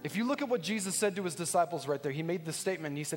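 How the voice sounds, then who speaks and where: A man's voice: on the high side, sing-song, racing, big-room sound, soft background music. A man preaching a sermon as a pastor, emphatic and repetitive, moving from teaching to storytelling. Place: church sanctuary.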